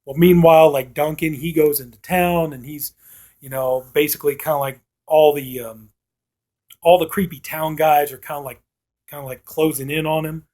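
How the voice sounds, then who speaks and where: A man's voice: a little high, steady tone, normal speed, a little mellow. A man casually recapping a horror film's plot, rambling with many fillers and briefly acting out the characters' lines. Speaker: film reviewer.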